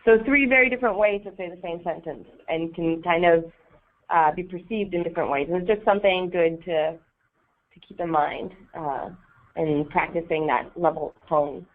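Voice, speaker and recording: A woman's voice: on the low side, moderate pace. A woman leading a volunteer training session in a casual way, with many ums and a frequent "right?". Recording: tinny phone-like audio.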